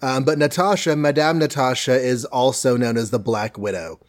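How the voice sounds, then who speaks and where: Chatty man retelling comics. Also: medium pitch. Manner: chatty, laughing, animated retelling with quick asides. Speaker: podcast co-host. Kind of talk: casual comic recap.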